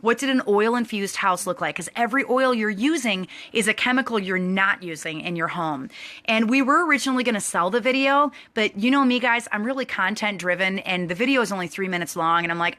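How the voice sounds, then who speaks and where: A woman hosting an online class, telling a rambling story in a bubbly, excited way and laughing often. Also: medium pitch, brisk. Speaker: host.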